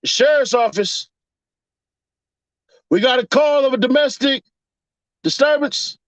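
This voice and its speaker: A man's voice: extremely high pitch, slow pace, fairly bright tone, no room sound, dull audio. A man in a casual, profane commentary rant, mocking his audience with rhetorical questions. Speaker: commentary vlogger.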